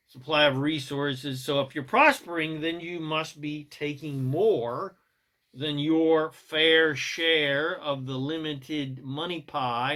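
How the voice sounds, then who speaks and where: A man giving a motivational self-help monologue, emphatic and preachy, swinging between loud bursts and soft asides. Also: a little high.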